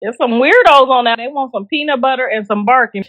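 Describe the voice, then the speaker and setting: Middle-aged woman, high voice, blunt joking gossip host, laughs a lot, dry close sound. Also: a little fast, a bit bright, dry recording. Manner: talks straight to viewers in slang. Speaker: show host discussing celebrity gossip. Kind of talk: casual gossip commentary.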